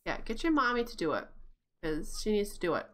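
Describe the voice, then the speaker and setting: A woman with a medium-pitched, sing-song, fairly bright voice talks fairly quickly while streaming a life-sim game. The gaming streamer gives casual live-stream commentary, often exclaiming and laughing at what happens on screen.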